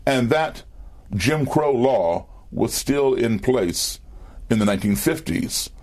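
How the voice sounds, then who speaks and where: A man, a musician interview guest, telling an anecdote in a relaxed conversational way, full of fillers and restarts, in a TV studio. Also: mid-range voice, slow. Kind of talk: storytelling in conversation.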